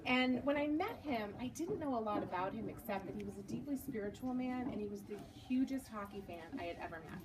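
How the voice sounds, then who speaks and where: A woman in her forties tells a lively personal story to a bookstore audience, slipping into the voices of the people she quotes. Her voice sits fairly high, and she sounds set back from the microphone, with steady room noise behind her. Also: fairly quick, few pauses. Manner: animated storyteller, acts out quoted lines, laughs at herself. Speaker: author giving a book talk. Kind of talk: storytelling talk to a live audience. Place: bookstore event space. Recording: distant mic with noticeable background noise.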